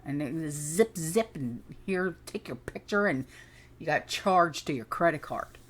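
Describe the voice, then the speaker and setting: A woman's voice: low voice, expressive, a little slow, slightly rough. A middle-aged woman hosting her own channel, talking in a rambling, indignant monologue that drifts off on tangents. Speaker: channel host. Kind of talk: casual ranting monologue.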